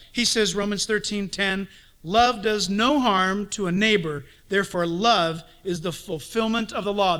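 A man preaching a sermon as pastor, animated, swinging from sudden shouts to hushed asides. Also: high-pitched.

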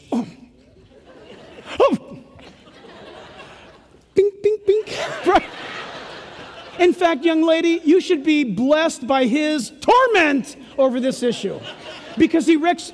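An older man preaching a sermon in a punchy, folksy way that swings between loud emphasis and hushed asides. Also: very high-pitched, creaky. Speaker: pastor. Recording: echoey hall reverb.

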